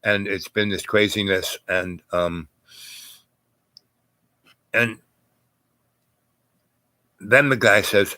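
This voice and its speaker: Older guy rambling thru a story, lots of um and you know, bright voice, super dry sound. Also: on the low side, takes it slowly, long pauses, no room sound. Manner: rambling, full of fillers and asides. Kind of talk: casual spoken storytelling.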